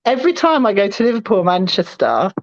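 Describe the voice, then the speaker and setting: A woman's voice: medium pitch, fast talker, dry recording, lo-fi sound. A woman with a London accent, co-hosting a casual chat and telling stories with lots of laughter. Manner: laughing, animated storytelling. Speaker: podcast co-host. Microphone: phone.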